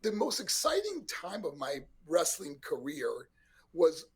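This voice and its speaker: A man's voice: a little high, measured pace, slightly rough. A man in his sixties from New York, a former pro wrestler telling stories as a guest with lots of laughs. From New York, USA. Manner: animated storyteller, laughs often, acts out voices. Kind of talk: casual storytelling interview.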